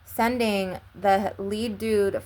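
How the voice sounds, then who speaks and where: A woman's voice: medium pitch, steady tone, drawn-out words, a little mellow. A young woman vlogger telling a long personal story in a casual, rambling way, filling it with "like" and frequent swearing.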